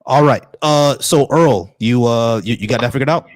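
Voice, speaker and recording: A man hosting a live call-in debate stream, blunt and halting, often repeating words as he restarts. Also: mid-range voice, no echo, studio quality.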